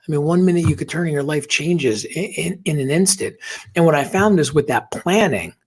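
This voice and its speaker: A man's voice: fairly high pitch, animated, a little fast, husky. A man guesting on a podcast, telling a personal story earnestly and emotionally, dropping to a whisper at tender moments.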